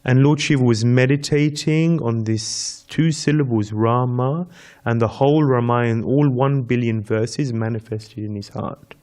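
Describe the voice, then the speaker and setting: A man teaching a devotional scripture class in a medium-pitched voice. He tells his story in steady repeated steps and breaks into chanted Sanskrit verses. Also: unhurried, hardly any pauses. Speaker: speaker giving a scripture class. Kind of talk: devotional lecture.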